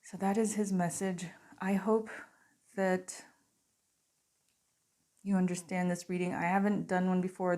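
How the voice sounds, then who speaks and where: A woman giving a channeled oracle card reading straight to her viewers, in an earnest, softly conversational way. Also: lowish voice. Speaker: spiritual card reader.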